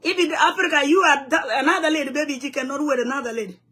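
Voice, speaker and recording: South sudanese woman, high voice, angry rant to camera in broken english. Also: fairly even intonation, fast, a bit bright. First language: Nuer. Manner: heated, blunt, broken English mixed with Nuer phrases. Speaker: community vlogger. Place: home in the U.S.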